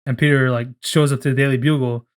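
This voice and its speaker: A young man in casual podcast talk, rambling as he pitches a story, swearing freely and briefly putting on voices for the characters. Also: steady tone, fast, clean tone. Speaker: podcast co-host.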